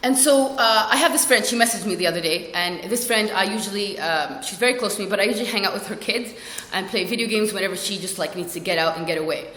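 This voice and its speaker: A young woman rambling through a funny work story, self-mocking and jumping into squeaky voices for quotes. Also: quick pace, a bit bright. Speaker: vlogger. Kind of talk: casual storytelling vlog. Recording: echoey room with long reverb.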